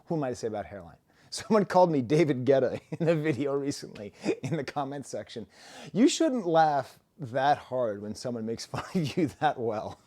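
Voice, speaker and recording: A middle-aged man hosts a casual music review video, rambling through his points with self-deprecating jokes. His voice is warm and mellow, sitting at an ordinary pitch. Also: very animated, moderate pace. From United States.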